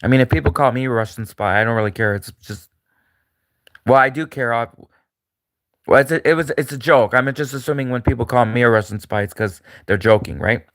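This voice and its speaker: A man's voice: medium pitch, a little fast, fairly bright tone, no room sound. Male solo commentator, rambling and repetitive with lots of fillers, dry close mic. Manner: rambling, repetitive, frequent fillers and restarts, mocking put-on voices.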